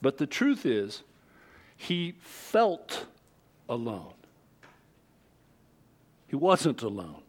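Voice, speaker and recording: A man preaching a sermon who reads scripture aloud and explains it conversationally. He stresses words with sudden rises in pitch and loudness. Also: very slow, long pauses, slightly rough. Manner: expressive, with big jumps in pitch and loudness for emphasis. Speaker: pastor.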